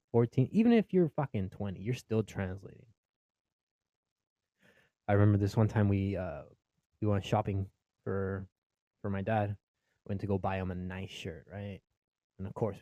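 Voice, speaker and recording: A man's voice: fairly low pitch, dark tone, no room sound, muffled recording. A young Mexican-American man doing stand-up comedy, swearing freely, laughing at his own jokes and acting out his family.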